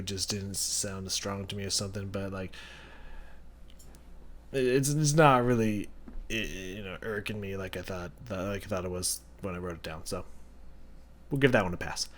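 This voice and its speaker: A man's voice: deep voice, steady tone, unhurried, a little hiss or hum. A man hosting a music reaction video, thinking aloud as he analyzes a song and searching for his words. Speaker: music reaction channel host.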